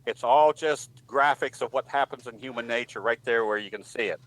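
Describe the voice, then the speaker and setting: A man presenting in a trading webinar, talking in a relaxed way and telling a joke, with some ums. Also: mid-range voice, a little fast, rough recording. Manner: relaxed storyteller with frequent ums. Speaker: trading educator, guest presenter.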